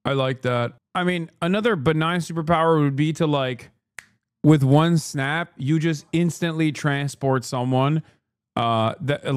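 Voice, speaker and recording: A man in his thirties rants on a live stream, brash, sarcastic and profane. His voice sits fairly high. The mic is close and dry, with no room echo. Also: clean tone. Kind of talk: casual profane livestream rant.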